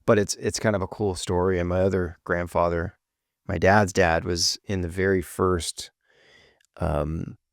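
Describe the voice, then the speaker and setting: A man's voice: low-pitched, level tone, unhurried, no echo, clean studio sound. A man co-hosting a podcast, talking in a rambling casual chat full of fillers and restarts. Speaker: podcast co-host.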